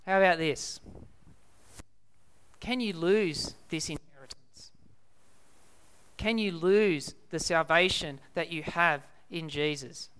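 A young Australian man preaching a sermon, stressing key words by repeating them slowly. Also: fairly high pitch, a bit bright, clean tone.

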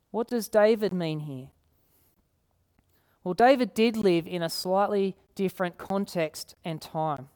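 An earnest woman preacher with a somewhat low voice. She repeats key phrases for emphasis and slows down when she reads scripture aloud. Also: warm tone. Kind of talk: sermon.

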